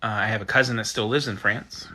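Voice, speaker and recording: Bright-voiced man chatting on a livestream. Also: fairly low pitch, fairly even intonation, fast talker, husky. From United States. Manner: chatty, reads out usernames and reacts. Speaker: livestream host. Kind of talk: casual chat reading viewer comments.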